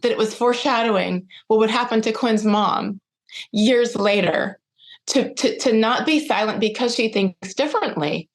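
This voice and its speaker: Animated woman telling a personal story. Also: on the high side, normal speed. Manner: animated, acts out quoted dialogue. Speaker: guest.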